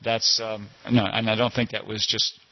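A man's voice: fairly low pitch, little pitch movement, normal speed. An older man telling a rambling personal anecdote at a temple class, often circling back to correct himself. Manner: rambling, digressive, frequent self-corrections. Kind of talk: informal anecdotal storytelling. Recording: dull lo-fi recording.

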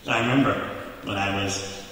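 A man telling a childhood story to a live audience in an animated way, acting out the voices, recorded in a large hall. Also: lowish voice, normal speed, slight background noise. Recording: echoey hall from far off.

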